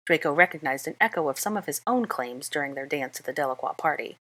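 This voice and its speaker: Low-voiced woman reading fiction aloud. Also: fast, a bit bright. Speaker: reader.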